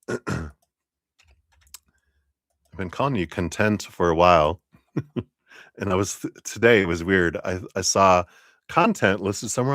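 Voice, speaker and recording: A man's voice: sits low, measured pace, pauses often, a bit bright, dry recording, clean studio sound. A man hosting a live-stream tarot reading, chatty and laughing often as he talks to viewers by name. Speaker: tarot reader.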